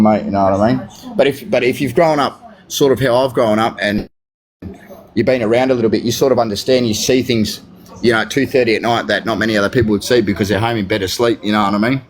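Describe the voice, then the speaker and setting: A man's voice: lowish voice, steady tone, fast talker. Slangy Australian man, casual chat. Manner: slangy, peppers speech with "mate" and "you know what I mean".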